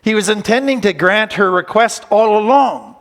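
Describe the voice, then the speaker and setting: A man with a fairly high voice teaches a recovery talk in an earnest, conversational manner. He slows right down on words he wants to land. His voice trails a long reverb through a large hall. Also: a bit bright. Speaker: counsellor giving a recovery talk. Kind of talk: teaching talk retelling a Bible story.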